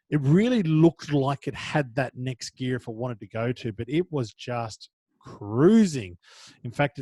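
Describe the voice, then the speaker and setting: An Australian man co-hosting a horse racing podcast, chatty and quick to joke. His voice sits at an ordinary middle pitch and often drops off quietly as a thought winds down. The recording is dry and close to the mic. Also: no room sound. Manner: chatty, joking, drifts quieter and lower at the ends of thoughts. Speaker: podcast co-host. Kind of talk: casual horse racing tips chat.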